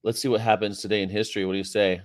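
A man's voice: on the low side, level tone, very fast. A man hosting a casual livestream, chatting and reading out history items in a rambling, profane way. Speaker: host.

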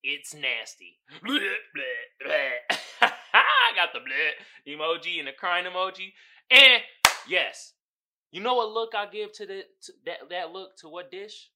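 A man riffing on his own podcast in loose, slang-heavy, profane chat. His voice sounds bright and forward, and his pitch swings widely as he gets worked up. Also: unhurried. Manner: animated, slangy and profane, often breaking into laughter. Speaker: podcast host. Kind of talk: casual podcast commentary.

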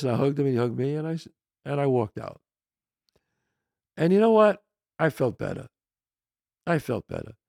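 A man, hosting a podcast and telling a casual, animated anecdote that shifts into quoted voices. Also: mid-range voice, creaky, no room sound, studio quality. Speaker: podcast host. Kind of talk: casual storytelling.

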